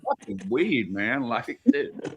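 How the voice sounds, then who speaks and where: A man tells stories on a casual podcast with a bright, forceful edge to his voice. He swears nearly every sentence, rambles from one tangent to the next and laughs as he goes. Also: medium pitch, sing-song, slow pace, husky. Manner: profane, rambling, laughs often. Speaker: podcast guest. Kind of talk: casual storytelling.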